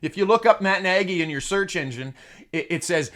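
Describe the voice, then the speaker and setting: A man's voice: sits high, lively intonation, fairly quick, fairly bright tone. A man hosting a comedic sports monologue, crude and sarcastic, who swears freely and chuckles at his own jokes. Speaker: host.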